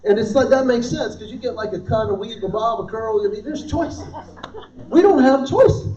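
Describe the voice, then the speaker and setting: Very high-voiced middle-aged man doing stand-up. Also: normal speed. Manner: animated storytelling, acting out quoted voices. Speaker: comedian. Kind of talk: live stand-up comedy. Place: dinner event in a large room. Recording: roomy, distant, dull live room sound.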